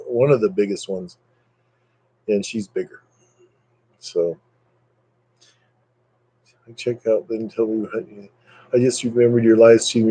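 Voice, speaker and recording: A man's voice: dark tone, no room sound, low-quality recording. A man hosting a casual live stream, rambling and joking with his viewers by name. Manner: rambling, joking, puts on silly high voices for quotes.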